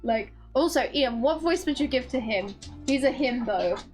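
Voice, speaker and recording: A woman streaming a game, chatting casually and reading dialogue aloud in a giggly, playful, excitable way. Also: on the high side, normal speed, soft background music.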